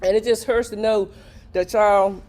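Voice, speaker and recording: Impassioned older man, high voice. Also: fairly even intonation, unhurried, darkish tone. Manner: impassioned, repetitive, pleading. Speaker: resident giving public comment. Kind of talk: public hearing testimony.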